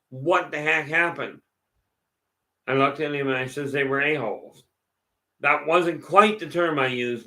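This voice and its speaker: A man's voice: medium pitch, sharp tone. A man hosting a casual question-and-answer session, telling stories in a rambling way with many restarts. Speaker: host answering viewer questions. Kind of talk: casual live Q&A talk.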